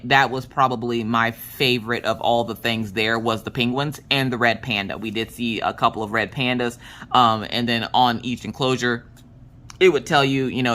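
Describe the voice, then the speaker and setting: Woman vlogger, casual rambling storyteller, bright tense tone, acts out quotes. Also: very deep voice. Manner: rambling, chatty, full of "like" and restarts; animated, acts out quotes in voices. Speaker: crafting vlogger.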